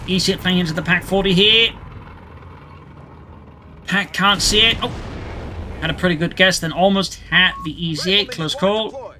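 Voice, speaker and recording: A man's voice: sits high, steady tone, normal speed, long pauses, pushed and bright. A man commenting a strategy game replay play by play, adding history asides. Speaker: game caster. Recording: game sounds and engine noise behind the voice. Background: in-game battle sounds and vehicles.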